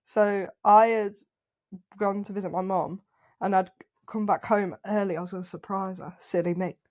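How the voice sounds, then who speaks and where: A young woman, co-hosting a podcast and telling a story in a casual, animated way, swearing and laughing often. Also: mid-range voice, normal speed. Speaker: podcast co-host.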